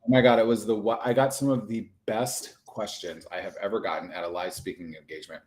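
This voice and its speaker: Chatty, animated man on a livestream. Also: lowish voice, fairly quick. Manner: animated, chatty, lots of fillers. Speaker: nurse practitioner guest. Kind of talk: casual livestream chat.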